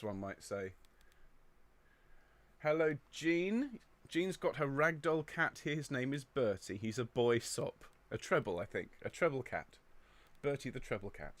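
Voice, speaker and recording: A chatty man from England hosting a choir live stream, greeting viewers and reading out their comments in a relaxed, upbeat way. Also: medium pitch. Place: indoor room overlooking a square.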